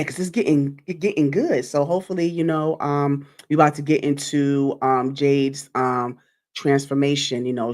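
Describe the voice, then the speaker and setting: An interview host speaking over a video call, encouraging the guest and filling in during technical trouble. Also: medium pitch. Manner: encouraging, frequent affirmations. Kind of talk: casual interview.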